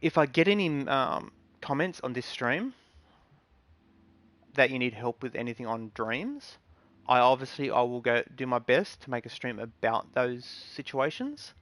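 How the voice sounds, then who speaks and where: Male streamer, mid-pitched, earnest and rambling, dry close sound. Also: very animated, unhurried, a bit bright, dry recording. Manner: rambling, earnest advice with many ums and restarts. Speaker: game streamer. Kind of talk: casual live-stream talk.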